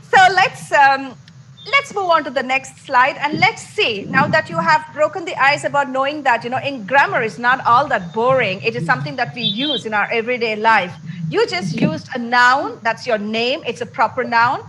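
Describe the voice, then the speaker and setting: A woman's voice: high-pitched, normal speed. A woman teaching an interactive online English class in an upbeat, encouraging way. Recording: noisy online class audio.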